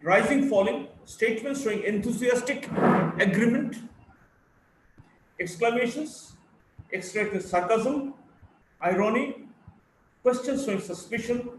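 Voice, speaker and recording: A male college lecturer from India speaks with a Bengali-influenced Indian English accent in an extremely high voice, a little slowly with long pauses. In this recorded lecture he reads out terms and examples one after another, captured from a distance in an echoey room with faint background noise.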